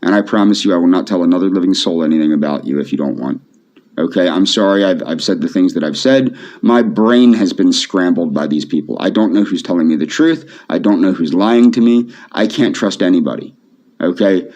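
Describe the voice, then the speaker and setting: Soft flat-voiced man, muffled lo-fi audio. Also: deep voice, a little fast. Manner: soft, repetitive, emotionally flat. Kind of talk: pleading video monologue. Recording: dull lo-fi video audio.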